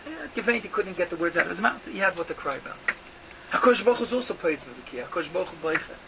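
Very animated and rapid-fire, this man speaks in a high voice with vocal fry as a rabbi delivering an emphatic yeshiva-style Torah talk. He throws out rhetorical questions and blends in Yiddish and Hebrew. The sound is muffled and lo-fi, with background noise easy to hear.

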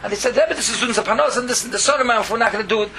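A man's voice: extremely high pitch, rapid-fire. A man teaching a Torah lesson as a rabbi, telling stories, mixing in words and leaping up in exclamations. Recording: steady background hiss.

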